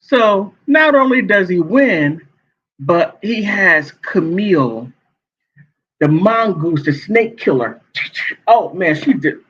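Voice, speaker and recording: High, animated man dishing gossip. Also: takes it slowly, slightly rough. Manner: sassy, animated, laughs often. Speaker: celebrity gossip vlogger. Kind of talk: casual commentary. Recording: dull lo-fi sound.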